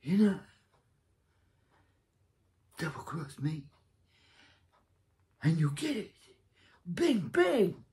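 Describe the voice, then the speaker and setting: A menacing gangster boss, as a man mocks him, snarls short, blunt threats with a lively, swooping delivery. The voice is dark and mellow, and it moves at an unhurried pace. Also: high voice, exaggerated voice.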